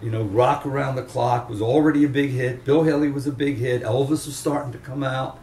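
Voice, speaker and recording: A man's voice: mid-range voice, steady tone, a little fast, darkish tone. Older man telling stories from afar. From Chester, Pennsylvania area. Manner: rambling, anecdotal, with restarts. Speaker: veteran rock guitarist interviewee. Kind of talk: casual storytelling interview. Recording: roomy room, distant mic, faint ambience.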